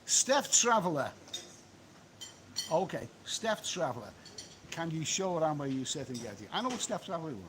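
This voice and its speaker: A man's voice: on the high side, big pitch swings, moderate pace, long pauses, noisy background. A man doing a rambling live-stream chat, reading out and answering viewer comments by phone from an outdoor beach cafe. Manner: chatty, rambling, repeats himself. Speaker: travel vlogger.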